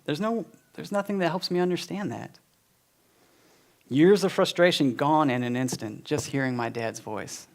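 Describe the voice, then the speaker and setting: Gravelly-voiced man sharing a heartfelt story. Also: fairly high pitch, moderate pace. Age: 40s. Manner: heartfelt, conversational storytelling with many fillers. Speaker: speaker at a church community. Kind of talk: personal testimony in a sermon.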